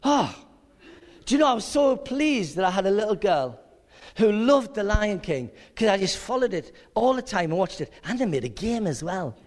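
A high-voiced man preaches with a lively, swooping delivery, playing out scenes and voices as he goes. His voice rings through a hall with a long reverb. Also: normal speed. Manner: animated, acts out scenes with voices. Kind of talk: sermon.

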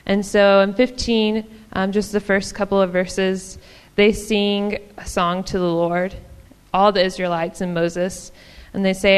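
A woman preaches in a relaxed, conversational way, sprinkling her talk with ums and small laughs. Her voice is smooth and clear at a medium pitch. A long reverb from the church hall trails behind her words. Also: measured pace, few pauses. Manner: warm, chatty, many ums and small laughs. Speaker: church speaker. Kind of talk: casual sermon.

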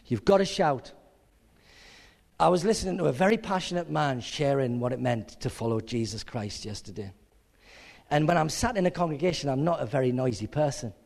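Animated preacher man in a reverberant hall. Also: medium pitch, brisk, gravelly. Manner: animated, acts out scenes with voices. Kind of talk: sermon.

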